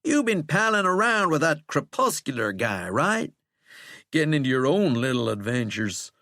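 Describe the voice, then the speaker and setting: A man's voice: a little high, sing-song, moderate pace, sharp tone, no echo, clean studio sound, pitched above the performer's own voice, exaggerated voice. A man voicing a shackled, cursed man who is wry, sardonic and coaxing, with a folksy way of talking.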